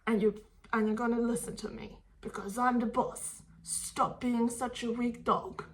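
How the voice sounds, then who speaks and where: A woman's voice: fairly high pitch, fairly even intonation, measured pace, distant mic, natural voice, rough recording. A woman voicing a bossy dog owner who belittles and scolds a dog in a harsh tone. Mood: contemptuous.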